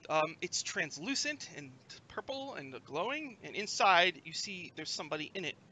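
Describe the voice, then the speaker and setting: A man narrates a tabletop adventure as game master, animated and lively. His voice is bright and slightly high. A faint hiss runs under the recording. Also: moderate pace, low-quality recording. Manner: animated, acts out creatures with shouts.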